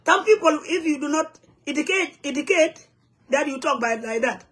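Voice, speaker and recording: South sudanese woman, high voice, angry rant to camera in broken english. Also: animated, normal speed, a bit bright. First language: Nuer. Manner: heated, blunt, broken English mixed with Nuer phrases. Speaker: community vlogger. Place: home in the U.S.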